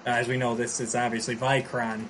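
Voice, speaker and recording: A man's voice: mid-range voice, flat delivery, brisk, fairly bright tone, slight background noise, rough recording. A man casually recapping a story on a podcast, rambling and restarting as he goes. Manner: rambling, many fillers and restarts.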